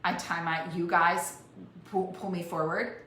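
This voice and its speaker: A woman's voice: lowish voice, little pitch movement, unhurried, pushed and bright. A woman life coach giving an earnest, emotional motivational talk, often restarting her phrases as she speaks. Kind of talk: heartfelt motivational talk to camera. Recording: echoey room with faint noise.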